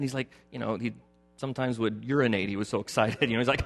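A middle-aged male pastor preaching a sermon, moving from loud emphatic points to a quiet personal story. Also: medium pitch, racing. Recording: long hall reverb with faint music.

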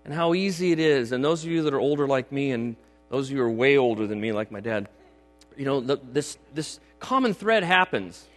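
A middle-aged pastor preaches in a church sanctuary in a lively, mid-range voice, a little fast, emphatic yet conversational and often checking in with the congregation. Soft music plays behind him, and the recording carries long hall reverb and mains hum.

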